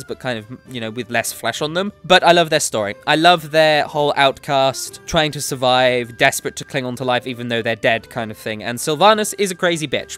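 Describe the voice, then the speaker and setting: A man's voice: a little high, a bit bright. A man hosting a gaming show, giving his opinions in a casual, jokey way with apologetic asides. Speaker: gaming commentary host. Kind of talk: casual solo opinion talk.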